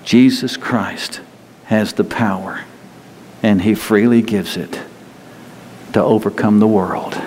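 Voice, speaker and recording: A man's voice: on the low side, steady tone, slow pace, long pauses, a little mellow. A man preaching a sermon in a folksy, conversational way, acting out quotes of the people he talks about. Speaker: pastor. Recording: long hall reverb, faint ambient noise.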